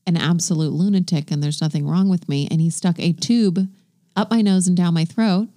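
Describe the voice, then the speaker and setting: A woman's voice: on the low side, moderate pace, dark tone. A woman co-hosting a podcast in casual comedic chat, telling stories with many fillers. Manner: chatty storyteller with many fillers. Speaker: podcast co-host.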